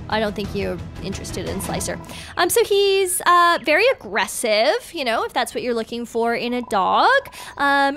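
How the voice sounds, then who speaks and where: Cheerful shelter worker played by a woman, chatty, high lively voice, soft music behind. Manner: chatty salesy pitch with fillers. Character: cheerful young woman running a pet shelter. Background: background music.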